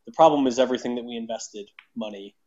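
A man's voice: mid-range voice, quick pace, mellow. A man co-hosting a casual sports chat, dry, steering the talk back on track. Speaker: podcast co-host. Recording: dull lo-fi audio.

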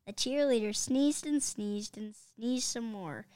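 A woman reading a children's chapter book aloud in a lively, expressive way. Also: a little high, slow pace, clean tone, no echo. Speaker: reader.

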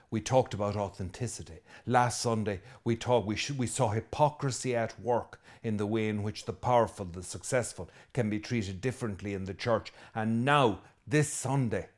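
Irish priest preaching a lively sermon. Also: male voice, lowish voice. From Ireland. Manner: lively and conversational, with asides and jokes; emphatic, repeating key phrases.

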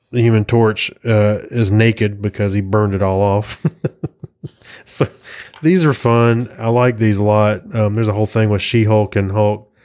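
A man's voice: lowish voice, darkish tone. A man hosting a casual solo podcast, rambling and chuckling as he flips through an old comic and reads captions aloud. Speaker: podcast host.

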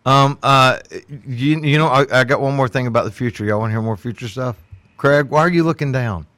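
A playful man, teasing and joking in a mid-pitched voice. His voice sounds dry and close to the mic, with no room around it. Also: brisk, fairly bright tone, dry recording. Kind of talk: casual chat.

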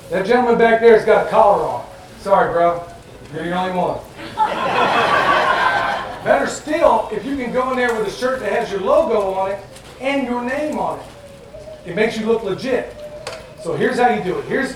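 At an event venue, a festival presenter with a high voice addresses the audience in a loose, jokey, plain-spoken way. He sounds far from the microphone in a very echoey room, with steady noise behind him throughout.

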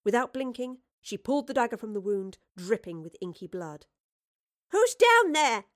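A woman's voice: medium pitch, fairly quick, a little mellow. Woman narrating a storybook.

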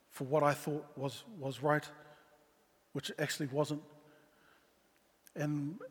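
A middle-aged man shares a story from his own life as a father. He talks earnestly and haltingly, restarting his sentences often. His voice sits a little high, and a long hall reverb trails after his words. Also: a bit bright. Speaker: father sharing a personal story. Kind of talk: personal testimony talk.

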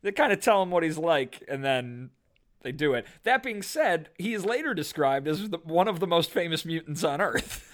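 A man's voice: on the high side, sing-song, moderate pace. A man co-hosting a podcast, recapping a comic book with jokey asides in casual chat. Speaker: podcast co-host.

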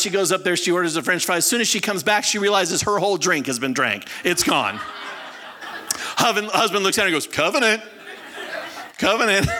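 Bright-voiced man preaching a sermon. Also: sits high. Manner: animated storyteller, acts out quoted people; calls on the congregation to answer. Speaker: pastor.

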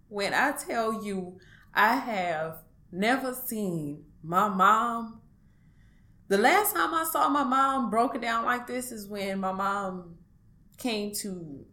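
A woman at a middle pitch, speaking as a guest in an interview. She tells a personal account haltingly, pausing often and restarting her sentences. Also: bright, forceful tone. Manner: halting, hesitant, with many pauses and restarts.

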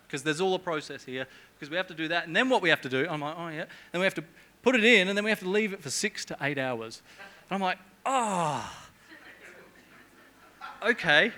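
Bright-voiced, chatty male preacher. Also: a little high, animated, brisk. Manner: chatty, jokey, with humorous asides. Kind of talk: sermon.

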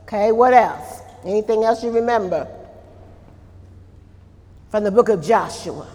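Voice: mid-range voice, a little slow, darkish tone, in a large hall. A Bible study teacher leading a church class, asking the group questions, answering them, and adding frequent amens.

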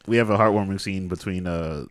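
A man chats casually about a movie, tripping over his words as he rushes along. His voice sits very low, and the recording is close and dry. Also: dry recording. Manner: quick, stumbles and restarts words. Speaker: co-host recapping a movie. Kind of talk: casual podcast chat.

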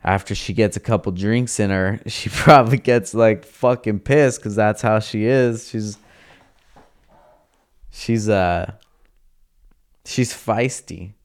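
Young man, casual slangy storytelling, low voice, smooth and clear. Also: slow, pauses often. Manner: profane, laid-back, slangy, acts out quoted dialogue.

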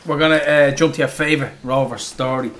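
A man's voice: a little high, fairly even intonation, a bit bright, slight background noise. A man hosting a casual chat and prompting guests for stories. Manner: quick prompting interjections. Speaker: host.

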